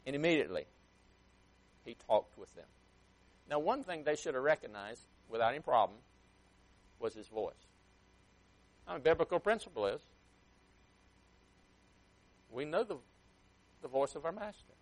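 A man preaching a sermon with emphatic swings in loudness and pace, sometimes acting out a parent scolding a child. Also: mid-range voice, big pitch swings, normal speed, long pauses. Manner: emphatic, rising and dropping sharply for effect.

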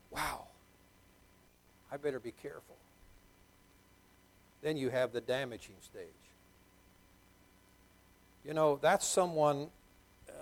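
The audio is poor as a middle-aged man preaches, his voice on the high side. As pastor, he is emphatic and repetitive, stressing key words and putting questions to his congregation.

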